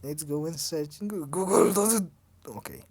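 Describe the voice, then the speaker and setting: A woman's voice: low voice, moderate pace, a little mellow, breathy edge. Woman stumbling through a fan story. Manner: stumbling, laughing, self-mocking. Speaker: fanfic reader. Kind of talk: casual reading aloud with asides.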